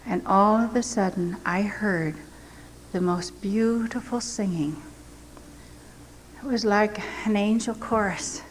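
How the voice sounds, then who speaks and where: A woman's voice: mid-range voice, slow, pauses often. Older woman telling her testimony in a hall. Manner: earnest, dramatic storytelling. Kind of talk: personal testimony storytelling. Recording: echoey hall with faint noise.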